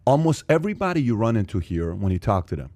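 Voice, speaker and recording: A man hosting a podcast in casual chat, animated, who repeats his points for emphasis and acts out the voices of people he quotes. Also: fairly low pitch, quick pace, no echo, clean studio sound. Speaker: podcast host.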